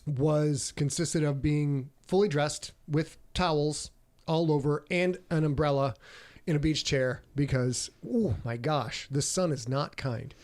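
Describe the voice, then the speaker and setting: A man's voice: a little high, unhurried, darkish tone. Playful male podcast host. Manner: playful, joking, enthusiastic. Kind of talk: casual podcast chat.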